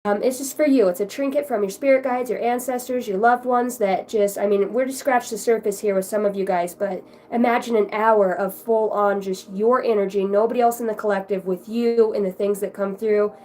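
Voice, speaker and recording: A woman's voice: mid-range voice, fairly even intonation, brisk, hardly any pauses, rough recording. Affectionate spiritual woman reading cards live. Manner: warm, affectionate, rambling, spiritual. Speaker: tarot card reader. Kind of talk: live-stream card reading and chat.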